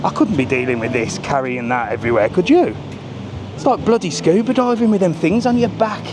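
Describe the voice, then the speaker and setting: A man's voice: fairly high pitch, lively intonation, brisk, noisy background. Chatty British man vlogging on the street. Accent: British English. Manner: chatty, cheeky, swears lightly. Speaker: travel vlogger. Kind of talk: live walking vlog. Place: busy seafront street at night, outdoors. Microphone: small camera carried while walking. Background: street music.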